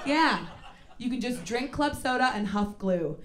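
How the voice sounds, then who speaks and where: A woman doing a stand-up comedy set in a club, sarcastic and self-deprecating, with loud bursts on a stage mic. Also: on the high side, animated, measured pace. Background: audience laughter.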